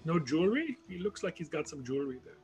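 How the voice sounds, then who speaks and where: A man's voice: a little high, very animated, quick pace, faint music behind. A man playing a tabletop game, asking the game master lots of questions. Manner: curious, asks many questions. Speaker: player.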